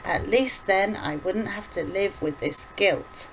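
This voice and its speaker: A woman reading aloud and voicing a gentle, grieving elderly mother who talks softly and slowly. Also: medium pitch, slight background noise, lightly acted. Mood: sorrowful. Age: older. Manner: soft, slow and tender.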